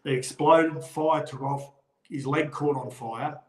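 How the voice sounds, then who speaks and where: A man's voice: a little high, measured pace, roomy sound, poor audio. A middle-aged Australian man, a former rugby league player, telling stories in a casual chat and acting out the voices of the people he quotes. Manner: animated yarn-spinner, acts out quoted voices.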